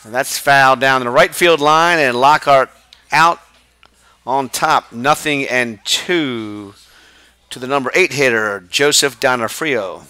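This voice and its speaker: Guy calling a high school ball game, bright voice, dry booth sound, quick and chatty. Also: clean tone, no room sound. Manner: brisk, chatty, laughs with partner. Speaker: play-by-play announcer. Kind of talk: live baseball play-by-play commentary. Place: press box at a high school ballfield.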